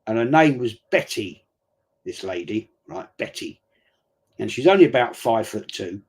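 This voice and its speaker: A man's voice: lowish voice, animated, unhurried, husky. A middle-aged man, chatting casually and telling rambling stories while streaming a football match. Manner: chatty rambling storyteller, blokey slang. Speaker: watch-along streamer. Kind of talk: casual live chat during a football match.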